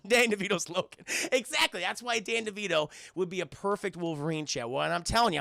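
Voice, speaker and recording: A man recapping a film casually to his stream chat, animated and profane, often repeating himself. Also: high-pitched, a little fast, vocal fry, no room sound, clean studio sound.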